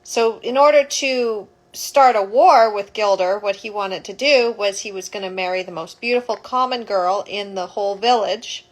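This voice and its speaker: A woman's voice: medium pitch, poor audio. A woman, a childbirth educator, retelling a story casually, rambling and correcting herself as she goes.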